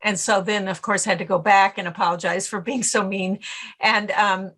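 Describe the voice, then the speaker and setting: A middle-aged woman speaking as a podcast guest on stress management, telling stories in an animated way and acting out her own inner voice. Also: medium pitch, normal speed. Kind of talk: casual interview talk.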